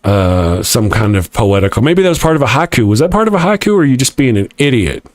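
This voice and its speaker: A man's voice: mid-range voice, big pitch swings, quick pace, no echo, studio quality. A middle-aged man hosting a casual live talk show, reading viewer comments in a mocking, irreverent way and laughing often. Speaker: host of a live atheist morning show.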